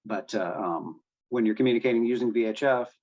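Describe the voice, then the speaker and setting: A man's voice: medium pitch, brisk, a little mellow. Guy on a video call explaining radios, lots of ums, kinda muffled lo-fi sound. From United States. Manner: explanatory, many fillers and restarts. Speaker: guest speaker on marine radio. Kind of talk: presentation to a boating club.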